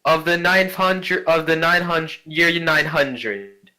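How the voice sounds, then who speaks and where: A man's voice: on the high side, expressive, slow pace, bright, forceful tone, voice pushed up, heavily acted, poor audio. A man voicing a haughty, refined ghostly noblewoman, an ancient great-grandmother who scolds imperiously. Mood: proud.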